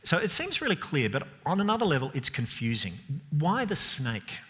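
A man preaching a sermon, expressive and emphatic, asking rhetorical questions and dropping to softer moments. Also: on the high side, normal speed. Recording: long hall reverb.

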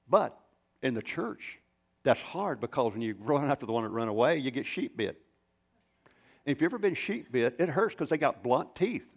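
A male pastor delivers his sermon in a mid-pitched voice with a rough, gravelly edge. He preaches like a storyteller, folksy and loose, often breaking off into rambling asides. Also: lively intonation, moderate pace.

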